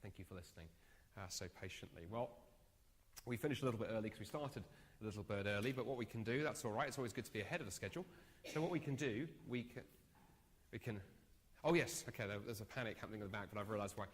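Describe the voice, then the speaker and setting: A man giving an evangelism training talk, telling a story with lively, self-mocking humor. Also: fairly low pitch, quick pace, breathy edge. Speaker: speaker. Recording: echoey hall sound.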